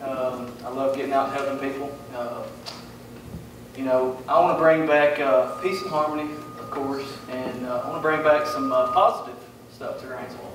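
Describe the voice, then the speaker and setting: A man with a Southern US accent giving a candidate forum speech, halting and full of fillers. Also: mid-range voice, fairly even intonation, noisy background. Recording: echoey room, mic far off.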